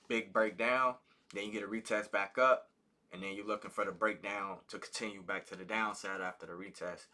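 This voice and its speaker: A man's voice: on the low side, bright, forceful tone. A man hosting a live trading stream, teaching in a casual, loose way with frequent fillers. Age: adult with a child. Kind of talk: live market commentary and teaching.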